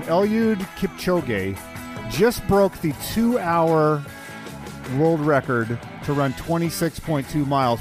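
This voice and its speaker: Easygoing joking male podcast host. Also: fairly high pitch. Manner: easygoing, joking, uses folksy comparisons. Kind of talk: casual podcast chat.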